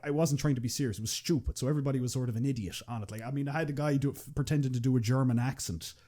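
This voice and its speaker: A man's voice: medium pitch, racing, dark tone. A young Irish man chatting casually on a podcast as a guest, rambling with many restarts and fillers and swearing freely. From Ireland. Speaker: podcast guest, machinima creator.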